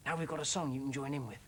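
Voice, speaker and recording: A British woman presenting children's television, telling a story to young children in a gentle, expressive, exclaiming way. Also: a bass voice, slight background noise.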